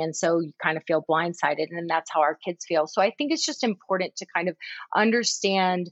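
A woman's voice: fairly low pitch, brisk, dry recording, lo-fi sound. A woman guest on a parenting talk show, explaining thoughtfully with everyday comparisons. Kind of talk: casual podcast chat.

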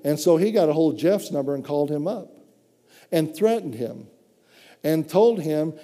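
A man's voice: on the high side, expressive, moderate pace, dark tone, big-room sound. A man preaching a sermon with fervent, frequent cries of praise between phrases.

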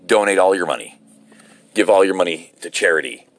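In a low-pitched, expressive voice with vocal fry, a man talks a little fast as he drives and records a solo podcast. It's a profane, rambling, sarcastic rant, and there's no room sound.

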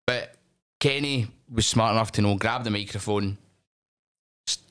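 A middle-aged man with a Scottish accent telling animated, sweary anecdotes in a casual chat. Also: fairly low pitch, measured pace, clean tone. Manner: animated, swears freely, acts out voices in anecdotes. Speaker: wrestling promotion owner, podcast guest.

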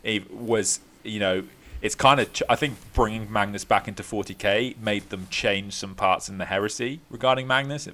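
A man's voice: lowish voice, normal speed, pushed and bright. A young man chatting casually as a podcast co-host, rambling and laughing often. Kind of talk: casual chat.

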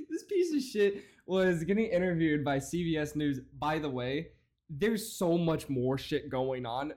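A man's voice: a little high, darkish tone. Guy ranting on his podcast, swears constantly, laughs a lot, voice jumps all over. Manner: profane, mocking, laughs a lot. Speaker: podcast host. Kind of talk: ranting comedic commentary.

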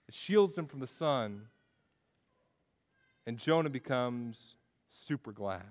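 A man's voice: mid-range voice, animated, takes it slowly, pauses often. A man preaching a sermon in an earnest way, often restarting his phrases. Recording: long echo of a large hall.

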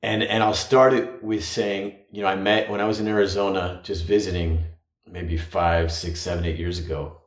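A man co-hosting a podcast, talking in a casual, reflective way with drawn-out phrases. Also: sits low, flat delivery. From United States. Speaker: podcast co-host. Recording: echoey room.

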